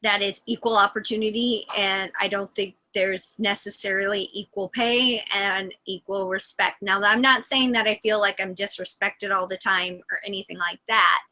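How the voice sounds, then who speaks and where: A woman's voice: mid-range voice, steady tone, moderate pace, hardly any pauses, bright, forceful tone, low-quality recording. A woman guest on a video call giving firm, considered opinions, with a few restarts along the way. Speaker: interview guest. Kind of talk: opinion in interview.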